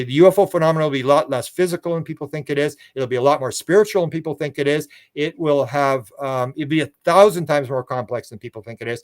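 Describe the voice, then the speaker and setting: An older man, a guest in a casual interview, telling long rambling stories and acting out quoted dialogue, with frequent restarts and fillers. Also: mid-range voice.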